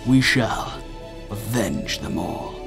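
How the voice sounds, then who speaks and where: A noble thunder god, as a man reads him out delivers a slow, grandiose proclamation. The voice is a bit lower and set back from the mic, with faint music underneath. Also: big pitch swings, gravelly, a bit bright, full character voice.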